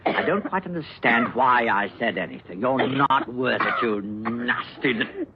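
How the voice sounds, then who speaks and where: A man's voice: mid-range voice, expressive, unhurried, very noisy, close to an everyday voice. An actor playing an older man, a jilted suitor who pleads and then turns coldly cruel in an old radio drama. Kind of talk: 1940s radio acting. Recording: dull old radio recording.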